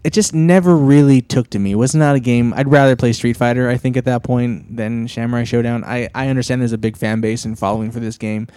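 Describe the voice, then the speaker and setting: A man's voice: medium pitch, steady tone, fast talker, few pauses, mellow, clean tone, dry recording. Male podcast co-host, casual and rambling, mid-range voice, dry close-mic sound. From Pacific Northwest, US. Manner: rambling, many fillers and restarts. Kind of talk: casual chat.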